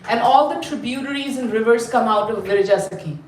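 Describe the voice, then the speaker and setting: A woman from India, telling a story to a class in an animated, chatty way and quizzing her listeners. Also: fairly high pitch, a little fast. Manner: animated, chatty, asks the group questions. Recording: roomy, mic at a distance.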